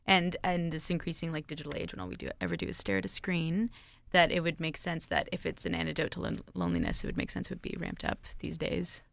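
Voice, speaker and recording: Gravelly woman sharing what she's read. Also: low-pitched, big pitch swings, quick pace, no room sound. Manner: thoughtful, cites reading, hesitant restarts. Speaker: co-host. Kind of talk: casual interview chat.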